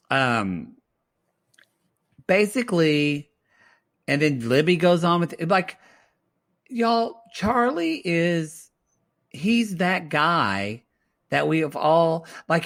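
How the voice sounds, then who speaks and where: A man's voice: fairly high pitch, fairly bright tone. A man co-hosting a podcast, giving blunt and sassy opinions in a casual reality TV recap chat. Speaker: podcast co-host.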